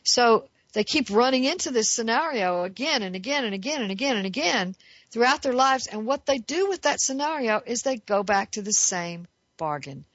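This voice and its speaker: A woman's voice: on the high side, animated, moderate pace, dry recording. Woman, self-help speaker, earnest and emphatic, rhetorical questions, dry close sound, slightly muffled. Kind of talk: reflective monologue.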